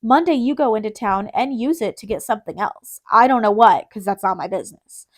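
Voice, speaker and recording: A woman's voice: fairly high pitch, expressive, fairly quick. A woman reading a blunt, streetwise young junkie man. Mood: defiant. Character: tough young male junkie, quick-tempered and blunt.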